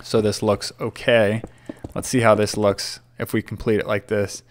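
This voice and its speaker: A man's voice: lowish voice, little pitch movement, normal speed. A young man chatting casually while building in Minecraft, rambling and often stumbling over his words. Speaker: gaming YouTuber.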